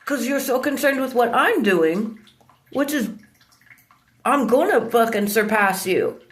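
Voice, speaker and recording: A woman's voice: a little high, expressive, a little slow. Furious ranting woman, profane and accusing. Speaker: vlogger. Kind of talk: angry confrontational rant.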